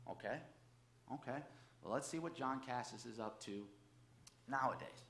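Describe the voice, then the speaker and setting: A man's voice: medium pitch, moderate pace, long pauses, a bit bright. Guy preaching a sunday message like he's just talking to you, keeps saying okay? right?, echoey sanctuary. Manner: conversational, tags lines with "okay?" and "right?". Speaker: church speaker. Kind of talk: sermon, personal testimony. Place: church sanctuary. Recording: echoey church room, faint background ambience.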